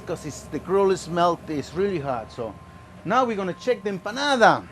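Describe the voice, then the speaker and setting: A man's voice: sits high, big pitch swings, normal speed, fairly bright tone, slight background noise. A man hosting a home cooking show, chatting playfully through each step. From Mexico. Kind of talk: casual cooking demonstration.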